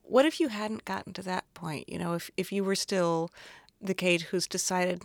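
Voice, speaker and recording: A woman interviewer asks searching questions, feeling her way through them. Her voice is low and gravelly with plenty of fry. The recording is close and dry. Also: steady tone, moderate pace, no room sound. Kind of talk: conversational interview.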